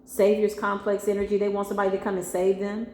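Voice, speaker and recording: A woman's voice: medium pitch, completely flat delivery, fast, a little mellow. A woman with a mixed Spanglish accent giving a spiritual tarot reading, emphatic and slangy, talking straight to her viewers. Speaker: tarot reader. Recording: echoey room with faint ambience.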